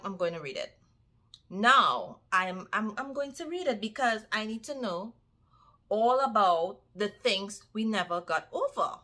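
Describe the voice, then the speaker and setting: A woman vlogger chats casually to her viewers at an unhurried, lingering pace. Her voice is bright and forceful, and she stresses points by repeating phrases. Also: mid-range voice. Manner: animated, repeats phrases for emphasis, addresses viewers as y'all. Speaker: book vlogger. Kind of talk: casual chat to camera.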